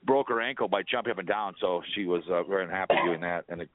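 A man's voice: sits low, fast talker, a loud crowd. A man calling in to a radio talk show, joking and rambling. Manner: rambling, jokey, puts on a Southern drawl. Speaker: caller. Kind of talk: casual call-in chat, joking. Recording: tinny phone line.

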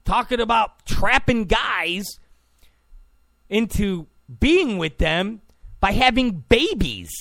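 A mocking, exasperated man rants through a commentary in a high, gravelly voice that swings widely up and down. He takes his time, and the sound is close and dry. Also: sing-song, slow pace, fairly bright tone, dry recording. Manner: exasperated, mocking, repeats "come on". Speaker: political commentator. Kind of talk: ranting commentary.

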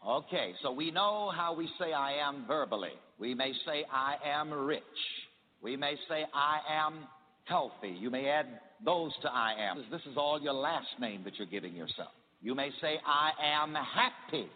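A man's voice: fairly high pitch, expressive, a little slow, in a large hall, narrow, tinny audio, a little hiss or hum. A man preaching a sermon in call-and-response style, having the congregation repeat his lines.

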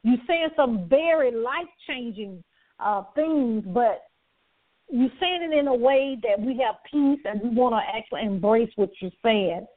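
A woman hosts a talk broadcast with a high voice that comes through a thin, phone-like line. She is effusive, repeats her phrases, laughs often and hits key words with preacher-like emphasis. The sound is close and dry. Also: expressive, measured pace, dry recording. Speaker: talk show host. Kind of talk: enthusiastic broadcast outro.

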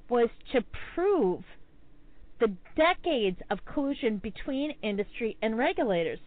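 A woman's voice: a little high, dry recording. A woman hosting an interview, speaking earnestly and repeating phrases for emphasis. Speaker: host. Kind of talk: interview talk. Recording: tinny phone line, dry.

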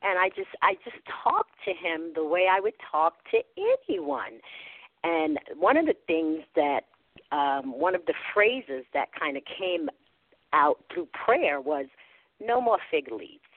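A woman's voice: on the low side, sing-song, no echo. Earnest woman caller on a phone line. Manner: earnest, halting, with frequent fillers and restarts. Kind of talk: phone-in talk about faith.

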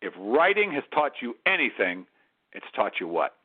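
A man's voice: medium pitch, sing-song, normal speed. A man hosting a radio interview show, encouraging his guest and signing off with advice to listeners. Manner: encouraging, short affirming replies. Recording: scratchy telephone line.

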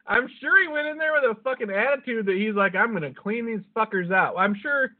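A man's voice: high-pitched, lively intonation, fairly quick. Profane rambling storyteller man, tinny sound. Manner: rambling, swears constantly, laughs at own jokes. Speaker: podcast co-host. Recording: phone-like lo-fi audio.

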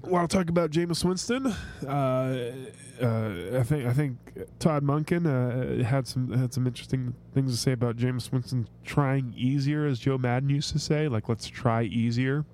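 A man's voice: mid-range voice, moderate pace, hardly any pauses, a little mellow, slight background noise. A man hosting a sports podcast, chatting casually and ranting with swearing and frequent restarts. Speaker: podcast host.

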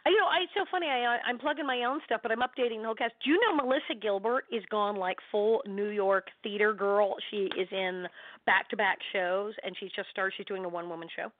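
A woman's voice: medium pitch, fast talker, no echo. Chatty woman on a tinny phone line. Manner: animated, chatty, laughs often. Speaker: guest actress. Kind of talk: casual interview storytelling.

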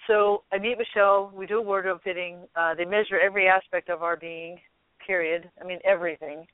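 A woman guest telling a story in a lively way, laughing often and acting out what people said. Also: lowish voice, fairly quick, dry recording. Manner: animated, laughs often, acts out quotes. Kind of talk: casual storytelling. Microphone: telephone. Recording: tinny dry phone line.

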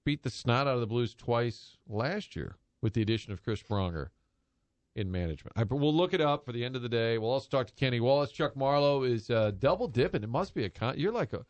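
A man's voice: medium pitch, a little fast. A man co-hosting a sports talk radio show, joking with his partners and leading into the ads. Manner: lively, joking, steers to ads. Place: radio studio.

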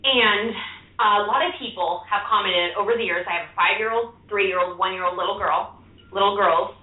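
A woman's voice: medium pitch, normal speed. A young woman co-hosting a talk show, chatty as she shares a parenting tip. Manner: chatty, sharing parenting tips. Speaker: show co-host. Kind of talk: casual radio chat. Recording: tinny phone-like line, echoey.

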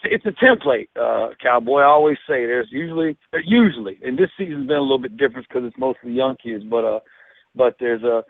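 A middle-aged man with a Southern US twang talks as a guest, rambling and chatty, stacking up fillers and restarts. His voice sits at an ordinary pitch. It comes through a dry, narrow, phone-like line. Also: creaky, no room sound. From Florida. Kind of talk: casual chat.

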